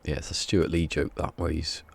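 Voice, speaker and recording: A man's voice: rumbling low, level tone, brisk, gravelly. A man chatting casually on a live game stream, rambling and wry, often muttering asides to himself.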